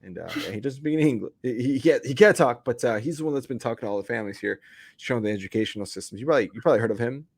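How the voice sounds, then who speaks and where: A man's voice: mid-range voice, rapid-fire, dry recording. A man hosting a podcast, telling stories in a laid-back way and laughing as he goes. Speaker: podcast host. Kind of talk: casual storytelling chat.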